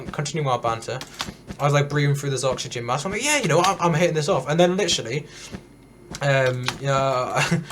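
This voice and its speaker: A teenage boy tells a story as he games, words tumbling out fast in a loose, rambling stream. He restarts his sentences often and leans on fillers. A faint hiss sits under his voice. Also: mid-range voice. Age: teens. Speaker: gaming streamer. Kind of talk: casual storytelling while gaming.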